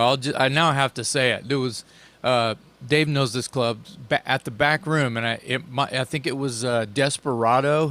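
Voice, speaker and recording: A man hosting a podcast, chatting casually in a halting, rambling way. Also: mid-range voice, bright, forceful tone. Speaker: podcast host. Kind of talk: casual chat.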